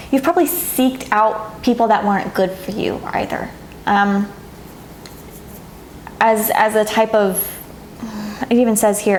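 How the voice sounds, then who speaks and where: A woman reading tarot cards to her viewers, speaking softly and warmly, sometimes moved to tears. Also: fairly high pitch, echoey room, a little hiss or hum. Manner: soft, emotional, gets teary and laughs. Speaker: tarot reader. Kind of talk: pick-a-card tarot reading to camera.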